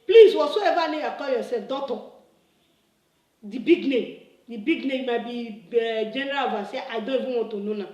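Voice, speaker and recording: A woman's voice: fairly high pitch, normal speed, warm tone, roomy sound, poor audio. A woman, delivering an impassioned, scolding video reply that repeats its points and builds to emphatic bursts. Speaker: church member making a video reply. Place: her room, indoors.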